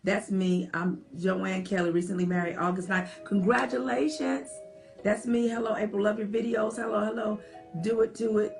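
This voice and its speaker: A woman hosting a late-night livestream from home, chatting softly and reading viewer comments aloud. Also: medium pitch, fairly even intonation, moderate pace, vocal fry. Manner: chatty, talks to viewers as y'all, soft half-whispered. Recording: faint music behind the voice. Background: old-school music playing.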